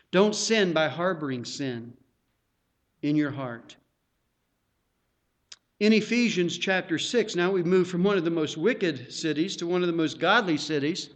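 A man preaching a sermon, earnest and emphatic, drawing out his phrases. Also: fairly high pitch.

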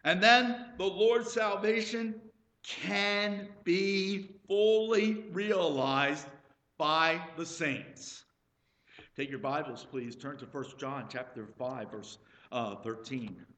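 A man's voice: a little high, slow, fairly bright tone, echoey room. A male pastor preaching a sermon, telling folksy stories and asking the congregation questions.

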